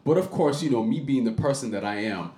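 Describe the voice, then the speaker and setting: A man hosting a podcast, telling a story in a casual, animated way and jumping into high voices when he quotes people. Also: brisk. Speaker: podcast host. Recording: roomy echo.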